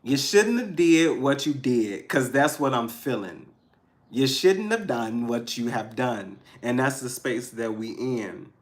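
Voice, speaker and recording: A man with a slightly high voice gives a loose, animated pep talk as a tarot reader. He talks in street slang and swears freely for emphasis. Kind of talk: casual spiritual pep talk.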